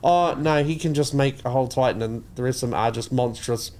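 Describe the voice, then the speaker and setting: A man's voice: mid-range voice, fairly quick, a little mellow. A man from New Zealand, co-hosting a comedy podcast, ranting and joking crudely with lots of swearing. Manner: profane, ranting, slips into mock voices. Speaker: podcast co-host.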